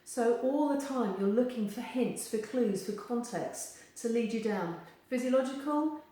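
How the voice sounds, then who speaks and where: A woman gives advice straight to camera, animated and acting out the voices she quotes. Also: on the high side, unhurried. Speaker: therapist giving advice. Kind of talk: direct-to-camera advice video. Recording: very echoey room.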